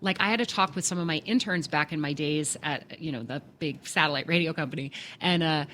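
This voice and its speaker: A woman's voice: sits low, a little fast, fairly bright tone, a little hiss or hum. A woman in her forties hosting an interview, chatty and thinking aloud as she talks. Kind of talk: conversational interview.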